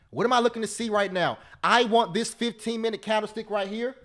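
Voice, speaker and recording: A man with a high voice runs a live trading class. He is excitable and repeats himself, talking straight to his viewers and breaking into bits of song. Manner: sings snatches of love songs. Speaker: options trading instructor.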